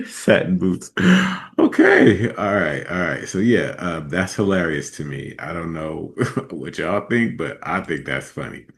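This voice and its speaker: A man's voice: sits low, big pitch swings, unhurried, vocal fry. A man hosting a podcast, giving casual commentary with laid-back, chuckling asides. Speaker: podcast host.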